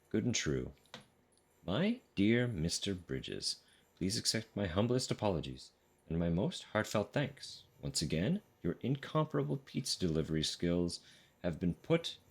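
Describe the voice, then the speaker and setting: Man reading as a pompous gentleman, flowery, overly formal, very deep voice, game letter. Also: slightly rough, full character voice. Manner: pompous, ornate formal phrasing.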